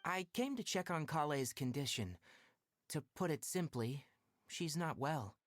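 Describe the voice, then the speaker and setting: A man voicing a calm, blunt adult male forest watcher who mentors young trainees in a video game. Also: a little high, a little hiss or hum. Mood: concerned. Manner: measured, dry, matter-of-fact.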